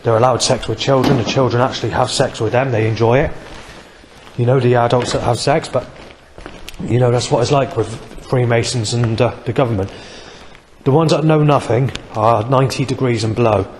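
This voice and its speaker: A man's voice: mid-range voice, fairly even intonation, fairly quick, a little mellow, big-room sound, slight background noise. A man rambling through a long, heavily profane monologue, full of fillers, restarts and trailing asides.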